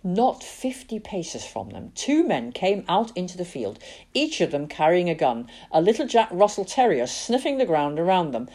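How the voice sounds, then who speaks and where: A woman reading a storybook aloud with a low, husky voice. Her delivery is expressive and dramatic, swinging widely in pitch, and her tone stays mellow and soft-edged. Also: moderate pace. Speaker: narrator. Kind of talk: storybook narration.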